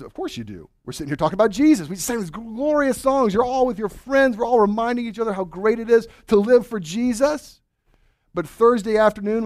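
A married man preaching a sermon to his congregation, swinging from loud urging to hushed, earnest questions. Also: high voice, dry recording, studio quality. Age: adult, married with children. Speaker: pastor.

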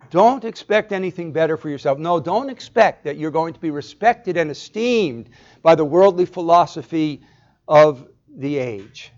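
A man's voice: on the high side, lively intonation, unhurried, darkish tone, muffled recording. A male pastor delivering an expository sermon, explaining step by step and putting rhetorical questions to the congregation.

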